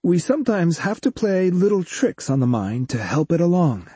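A man playing a kindly doctor who fixes cyborgs, in a storybook reading. He reassures gently, his voice mellow and a little husky, with a lively rise and fall. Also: high voice, moderate pace, no room sound, voice pushed up, heavily acted. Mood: reassuring. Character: patient, kindly male cybersurgeon doctor.

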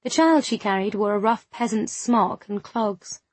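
Woman, audiobook narration, measured, husky, dry. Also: mid-range voice, expressive, dry recording.

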